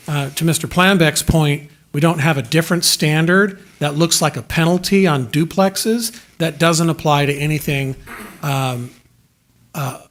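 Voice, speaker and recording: Measured man giving legal advice. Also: fairly high pitch, a bit bright. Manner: measured, precise, careful hedging. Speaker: city attorney. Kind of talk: council meeting legal advice.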